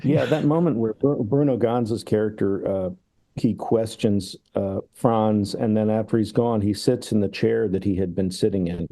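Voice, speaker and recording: A man's voice: on the low side, steady tone, moderate pace, warm tone. A man talking casually as a podcast guest about film, thoughtful and musing, who acts out comedy sketches as he retells them.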